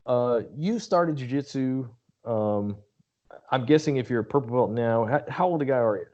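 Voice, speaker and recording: Easygoing man hosting, mellow lo-fi sound. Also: mid-range voice, moderate pace. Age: late 30s or older. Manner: easygoing, rambling with restarts. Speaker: podcast host. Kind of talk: casual interview chat.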